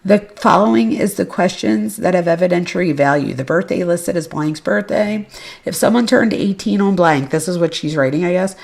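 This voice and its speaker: Woman podcast host, fry in the voice, reads records with offhand, blunt commentary. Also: lowish voice, moderate pace, darkish tone. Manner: casual and blunt, with offhand asides and swearing. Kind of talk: reading case records aloud with commentary.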